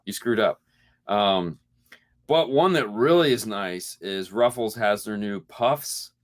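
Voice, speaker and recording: A man co-hosting a casual podcast chat, telling animated stories, acting out quotes and laughing often. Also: fairly low pitch, slow. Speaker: podcast co-host.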